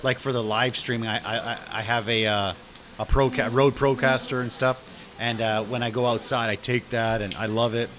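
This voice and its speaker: A man hosting a casual podcast in a restaurant, talking in a relaxed, enthusiastic way and often repeating words as he stammers. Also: mid-range voice, normal speed. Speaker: podcast host. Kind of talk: casual chat.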